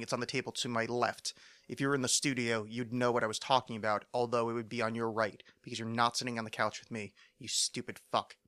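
Bright-voiced man rambling on a podcast. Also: medium pitch, smooth, dry recording. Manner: rambling, self-mocking, profane, many fillers. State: phlegmy throat. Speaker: podcast host. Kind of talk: rambling solo podcast monologue. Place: home studio.

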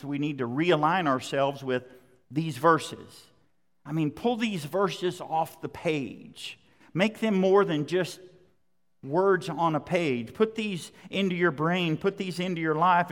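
A man preaching a sermon as pastor, repeating key phrases with emphasis, swelling loud and then dropping soft. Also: on the high side. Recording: long hall reverb.

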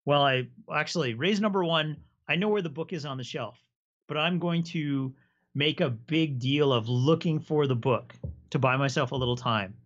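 A man's voice: fairly high pitch, normal speed, fairly bright tone, highs cut off. A man hosting a casual chat, telling stories enthusiastically and explaining at length. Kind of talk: casual chat about tabletop games.

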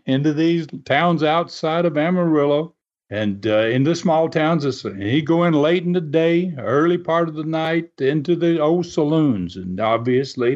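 A man hosting a podcast, telling a story at an easy pace with plenty of "uh" fillers. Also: a little high. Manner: rambling, full of "uh" fillers. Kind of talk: casual storytelling. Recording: dull lo-fi podcast audio.

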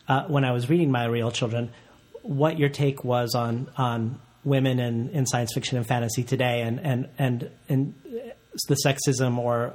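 A man's voice: medium pitch, a little mellow. A man interviews an author and asks long, winding questions. He hesitates often, with fillers and repeated words, and restarts his sentences several times before he gets to the point.

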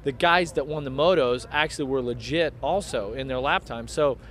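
A man's voice: mid-range voice, normal speed, fairly bright tone, a little hiss or hum. A middle-aged man, a former motocross racer, rambling through stories in a casual interview outdoors at a race track. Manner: rambling, storytelling.

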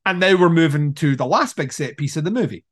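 Man on a podcast, slightly higher voice, lively film chat, acts out scenes, laughs a lot. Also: quick pace. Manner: animated storyteller, acts out scenes, swears, laughs often. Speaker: podcast co-host.

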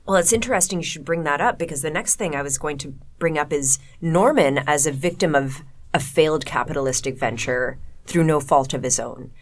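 Female co-host, very low voice, wry, makes careful arguments about film. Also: brisk, few pauses. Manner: wry, argues points in full thought-out sentences. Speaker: podcast co-host. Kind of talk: casual film discussion.

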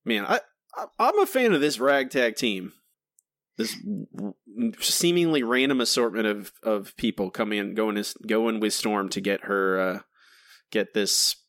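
A man co-hosting a casual comics podcast, talking quickly and joking with his co-host. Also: fairly low pitch, fairly bright tone, no room sound, studio quality. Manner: quick, joking, laughs often.

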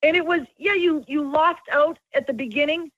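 A woman's voice: high-pitched, moderate pace, no room sound, dull audio. A woman who owns a restaurant, telling stories in casual chat and acting out the dialogue. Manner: animated storyteller, acts out dialogue. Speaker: restaurant owner.

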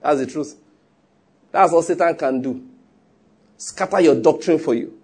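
A man's voice: on the high side, unhurried, darkish tone, breathy edge. A male pastor preaching a sermon emphatically, with rhetorical questions.

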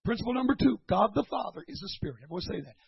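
A preacher man with an unusually high, very raspy voice delivers a sermon. He stumbles and repeats words while explaining, then climbs to fervent shouts. The recording is muffled and lo-fi. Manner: building from calm teaching to shouted fervor; halting, repeats words with many fillers.

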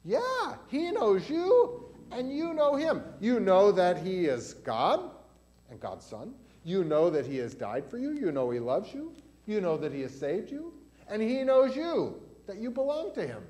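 Man, pastor, fairly high voice, catechism lesson in church, questions the kids as he teaches. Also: a little mellow. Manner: asks the children questions as he teaches. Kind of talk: catechism lesson for children and adults.

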